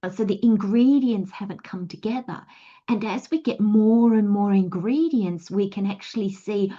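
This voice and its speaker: With a warm, medium-pitched voice and a moderate pace, an Australian tarot reader rambles chattily through a reading, voicing small acted inner monologues as she gives casual spiritual guidance. The sound is lo-fi.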